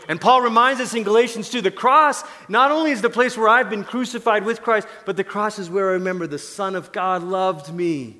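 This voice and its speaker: A man preaching a sermon as pastor, animated, acting out Paul in casual talk and dropping to soft whispers. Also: a little high, moderate pace, long reverb tail.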